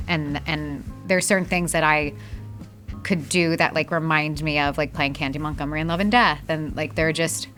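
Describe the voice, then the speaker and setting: A woman in her thirties chats as a guest over a meal, laughing easily and restarting her sentences. Her voice is bright and forceful, sitting a little low. Soft music plays faintly underneath. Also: steady tone, moderate pace. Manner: chatty, laughs often, trails off and restarts. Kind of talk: casual chat over food.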